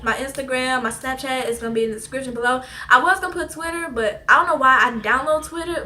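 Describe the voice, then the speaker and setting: A teenage girl casually telling a personal story on her vlog, animated and slangy, often laughing between lines. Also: a little high, slight background noise. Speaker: vlogger.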